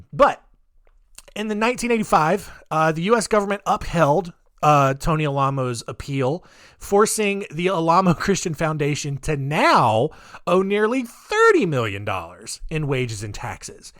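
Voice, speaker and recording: A man hosting a casual storytelling podcast, his voice swinging widely in pitch as he jokes and mocks. He laughs often and talks with open sarcasm. The sound is dry and close. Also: very animated, measured pace, fairly bright tone, no echo. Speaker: podcast host.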